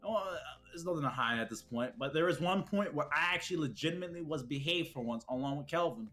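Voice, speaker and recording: A young man spins rowdy stories in an animated, profane way, breaking into heated bursts. His voice sits a little on the high side. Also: fast, soft background music. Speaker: streamer's friend telling stories. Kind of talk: casual storytelling chat.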